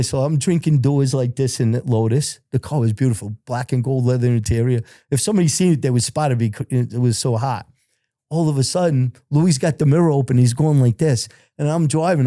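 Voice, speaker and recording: Middle-aged New man, mellow dark voice, lively profane storyteller, dry close mic. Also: medium pitch, no room sound. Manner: animated, profane, laughs through his stories. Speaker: interview guest. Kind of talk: casual storytelling.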